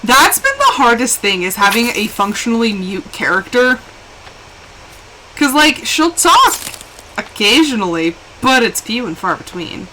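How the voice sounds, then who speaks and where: Young woman, lively game streamer, higher voice, chatty and expressive. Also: measured pace, a little hiss or hum, low-quality recording. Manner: chatty and animated, with laughs and exclamations. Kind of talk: casual live-stream chat while gaming.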